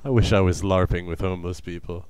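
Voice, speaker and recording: A man's voice: low-pitched, steady tone, fast talker, a little mellow, clean tone, dry recording. A young man co-hosting a comedy podcast, bantering in a teasing, crude way. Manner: teasing and crude, trash-talking. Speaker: podcast co-host.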